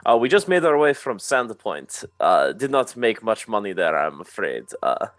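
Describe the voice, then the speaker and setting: A man's voice: lowish voice, big pitch swings, normal speed, fairly bright tone, dry recording, clean studio sound. A man voicing an orc traveling performer in a tabletop game, speaking in flowery, theatrical sales patter. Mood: smooth-talking.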